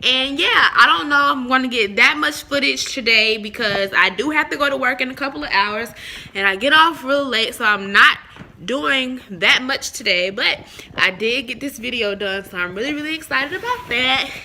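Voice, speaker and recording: A young woman vlogger with a high-pitched, animated voice talks at normal speed to her phone camera. Her chat is slangy and rambling, partly outdoors by a parked car, with loud street noise around her.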